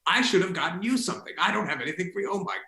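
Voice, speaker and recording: A man playing a tabletop game, speaking in character as a fawning servant in a hushed, theatrical voice. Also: sits high, animated, racing, echoey room, crowd noise. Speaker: player. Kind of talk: in-character tabletop role-play.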